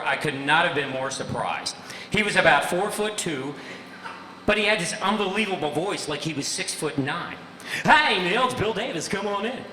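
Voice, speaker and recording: A man in his sixties giving a humorous stage talk, breaking into a booming fake DJ voice for the jokes. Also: pushed and bright, a little hiss or hum. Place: large hall with audience. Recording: echoey hall with long reverb.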